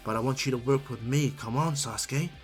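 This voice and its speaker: A man's voice: medium pitch, fairly quick, soft background music, close to an everyday voice. A man voicing a cocky, overpowered teenage ninja boy who talks about huge feats offhandedly. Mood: earnest. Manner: breezy, offhand boasting.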